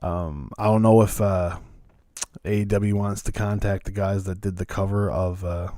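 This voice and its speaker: A man co-hosting a casual wrestling podcast, talking slowly and loosely, audibly stoned and rambling. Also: low voice, steady tone, dark tone, no room sound. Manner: slow, stoned, meandering. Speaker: podcast co-host.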